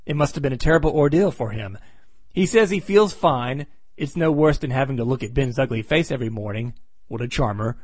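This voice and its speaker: A man's voice: medium pitch, animated, a little fast, a little mellow, breathy edge, dry recording. A man reviewing an old comic book, recapping the plot with wry, sarcastic asides.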